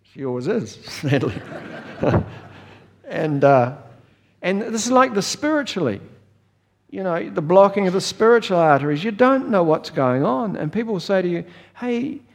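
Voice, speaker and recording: A man's voice: sits high, sing-song, moderate pace, big-room sound. An older man with a New Zealand accent, preaching a sermon in a folksy storytelling way and chuckling often. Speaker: pastor.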